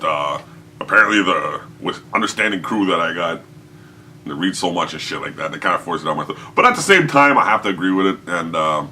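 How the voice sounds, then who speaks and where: A very deep male voice with a bright, forceful edge, rambling and swearing his way through a casual podcast chat. He laughs a lot and trails off mid-thought. A faint hiss of noise sits under the recording. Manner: profane, rambling, laughs often. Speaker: podcast host.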